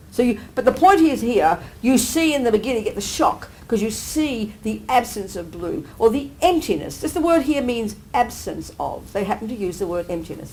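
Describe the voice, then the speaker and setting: Lively, fairly high-voiced woman Buddhist teacher. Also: low-quality recording. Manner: animated, keeps asking listeners to agree; acts out everyday exclamations with sudden lifts. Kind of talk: live dharma teaching to an audience.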